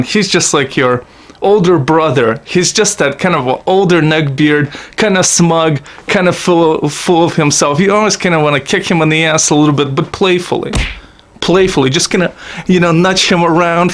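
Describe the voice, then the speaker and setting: Sarcastic, profane comic man ranting. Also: a little high. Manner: sarcastic, profane, mock-earnest rant. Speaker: comedy video host. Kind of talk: satirical comedic monologue.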